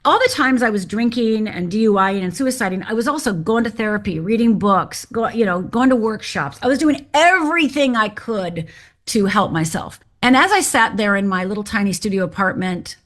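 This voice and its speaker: A woman's voice: medium pitch, animated, moderate pace, fairly bright tone. A middle-aged woman from Upper Michigan, a guest on an interview show, telling her life story in a candid, direct and wry way.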